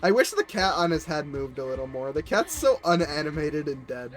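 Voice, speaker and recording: A man's voice: a little high, very animated, fairly quick, noisy background. Slightly sick man streaming a game. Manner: chatty, talks to viewers and players. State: a little sick. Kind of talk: casual live-stream game commentary.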